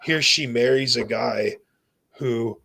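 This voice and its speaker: Taking it slowly, a young guest with a medium-pitched, creaky voice and sharp tone tells of his near-death experience. He's intense and earnest, and his casual speech full of "dude" and "bro" gives it the feel of emotional personal testimony.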